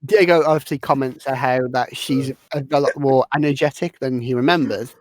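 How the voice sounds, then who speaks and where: A man hosting a podcast, recapping a film in a rambling, halting way. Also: medium pitch, darkish tone, no echo. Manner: rambling, halting, restarts words. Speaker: podcast host. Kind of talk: casual movie recap chat.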